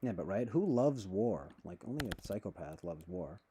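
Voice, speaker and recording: A man's voice: low-pitched, animated, moderate pace, mellow, slight background noise. A man rambling to his viewers in casual chat, sarcastic, swearing and laughing often. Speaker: streamer.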